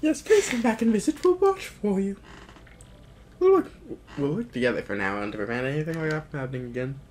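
A man's voice: fairly high pitch, very animated, a little fast, a little mellow, slight background noise, pitched above the performer's own voice. A man doing a folksy old village elder. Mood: fond.

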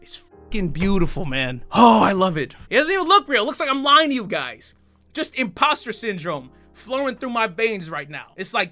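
A young adult man live streaming, talking loudly and excitedly with lots of swearing and frequent shouts. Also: sits high, moderate pace, no echo, soft background music. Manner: loud, profane and jubilant, often shouting.

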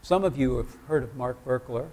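A man's voice: medium pitch, normal speed, mellow. A man preaching a sermon in church, talking conversationally and asking the congregation questions.

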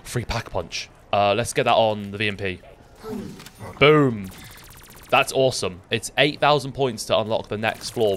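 A young man commentating his own gameplay, excitable, swearing and talking to himself. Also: mid-range voice. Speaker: gaming YouTuber.

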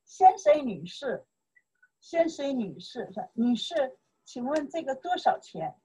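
Chinese-accented woman tutor, higher husky voice, encouraging. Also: sing-song, warm tone, poor audio. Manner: encouraging, quick affirmations. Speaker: Chinese teacher. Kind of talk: tutoring conversation.

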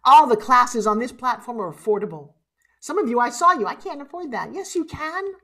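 This is a middle-aged woman delivering a motivational keynote from the stage, her voice pitched a little above the usual for a woman. She talks in an animated, emotional way, pushing some lines out loud and dropping others to a hush, and at times she is close to tears. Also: normal speed. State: tearful at times. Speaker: motivational speaker. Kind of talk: live motivational keynote speech.

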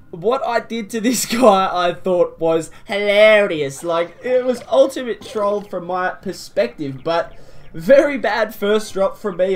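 A woman giving casual, excitable commentary over a game replay, teasing her opponent and chuckling as she goes. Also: medium pitch. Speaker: gaming video host. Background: faint game music.

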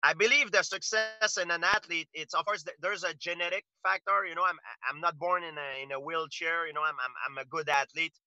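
A man's voice: on the high side, steady tone, brisk, few pauses, bright, forceful tone, dry recording, highs cut off. Earnest man. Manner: earnest storytelling with frequent restarts. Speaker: interview guest, fighter. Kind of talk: casual interview talk.

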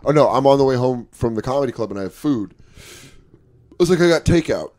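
A man on a podcast, telling stories in a casual, animated way, acting out both sides of conversations and swearing often. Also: mid-range voice, fast. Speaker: podcast guest comedian. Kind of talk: casual storytelling chat.

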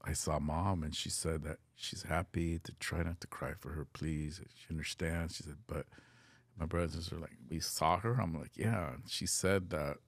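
Middle-aged male storyteller, very low and husky, earnest and casual, code-switching into Spanish phrases. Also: fairly even intonation, moderate pace, no room sound. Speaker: podcast guest.

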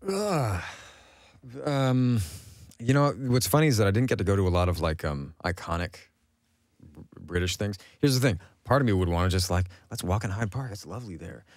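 Low-voiced American man, rambling chat. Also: lively intonation, moderate pace, darkish tone, no echo, clean studio sound. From United States. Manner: rambling, restarts often, laughs easily. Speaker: guest actor. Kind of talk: casual radio interview chat.

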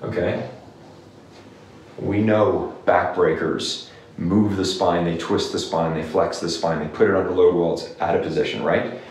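A male clinician talks straight to camera in an emphatic, repetitive rant about exercise. His low voice has a gravelly edge. He sits back from the mic in a very echoey room with faint background noise. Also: steady tone, moderate pace, darkish tone, recorded from a distance. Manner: emphatic, repeats "okay?" often. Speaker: clinician giving exercise advice. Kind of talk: direct-to-camera rant video.

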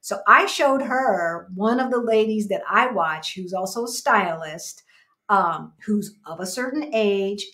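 A woman's voice: medium pitch, fairly bright tone. Reflective woman in her fifties chatting. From United States. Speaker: livestream co-host. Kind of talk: casual chat, reading viewer comments.

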